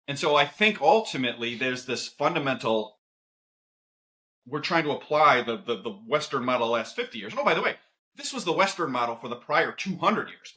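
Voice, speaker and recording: Podcast guest guy, bright forceful voice, keeps jumping into asides. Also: medium pitch. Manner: animated, lively storytelling with quick asides. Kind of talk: casual podcast conversation.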